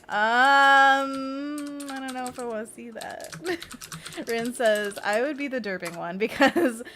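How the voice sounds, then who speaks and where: A woman's voice: mid-range voice, a little hiss or hum. A woman hosting a casual livestream as a freelance illustrator, reading viewer comments aloud in a chatty, playful way and laughing often.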